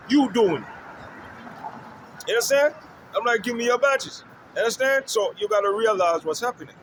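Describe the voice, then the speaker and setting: Street vlogger, male musician, high voice, preaching and repeating himself, faint traffic behind. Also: a bit bright, low-quality recording. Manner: emphatic, repetitive, keeps asking "you understand?". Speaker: musician promoting his music. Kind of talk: street-side vlog rant.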